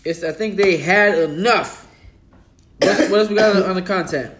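A young man co-hosting a casual comedic podcast, talking fast and animated, swearing and laughing often. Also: high voice, background noise. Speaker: podcast co-host. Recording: roomy echo.

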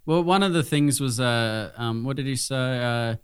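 A man's voice: mid-range voice, moderate pace, clear, resonant tone, no room sound, studio quality. A young Australian man co-hosting a casual podcast chat, telling rambling stories with lots of swearing and restarts. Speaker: podcast co-host.

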